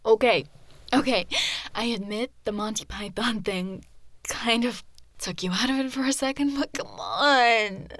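A woman's voice: on the high side, expressive, unhurried, fairly bright tone, no echo. A young woman performing a girlfriend audio role-play, teasing the listener in a playful, mock-offended way and often dropping into a whisper.

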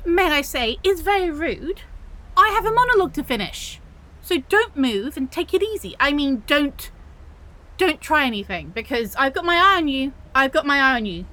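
A high, bouncy voice swooping all over the place: a woman doing a young female otter-girl supervillain, prickly and defensive. She splutters indignant protests and stumbles over her own denials, talking straight to the listener in an audio role-play. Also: a bit bright, heavily acted, poor audio. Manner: indignant, flustered, protests too much and stumbles over words.

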